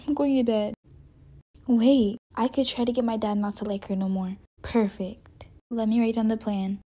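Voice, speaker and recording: A woman voicing a hurt teenage girl in a dollhouse-game story, talking in quiet, half-whispered asides. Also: fairly high pitch, fairly even intonation, moderate pace, close to an everyday voice. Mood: sulky.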